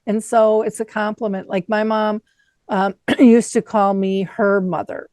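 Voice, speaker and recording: A woman's voice: mid-range voice, little pitch movement, a little slow, clear, resonant tone, no room sound. A middle-aged woman hosts an interview, affirming her guest and telling stories about her own family. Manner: warm storytelling, affirming. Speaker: podcast host. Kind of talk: conversational interview.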